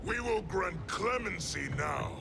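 A man voicing a cold, commanding warlord emperor in a video game, with a gravelly voice and slow, measured decrees. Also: high voice, animated, full character voice. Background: loud game music.

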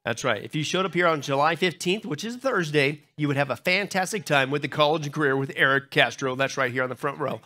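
A man leading church announcements, a pastor who jokes and rambles, full of fillers. His voice sits a little high and rings bright and forceful. He speaks to a sanctuary crowd and viewers online. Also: quick pace, few pauses. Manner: joking, loose and chatty, many fillers. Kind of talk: church announcements before a sermon.

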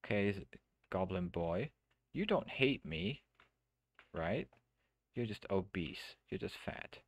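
A man streaming a game live, chatting casually and thinking out loud with many restarts. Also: fairly low pitch, very animated, slow pace, vocal fry, pauses often, no room sound. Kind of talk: casual let's-play commentary. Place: home streaming setup.

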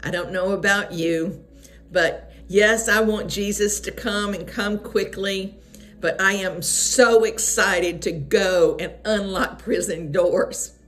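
A woman's voice: mid-range voice, steady tone, slow pace, fairly bright tone, soft background music. A woman giving a fervent prophetic devotional message, repeating her key phrases for emphasis. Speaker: online devotional speaker.

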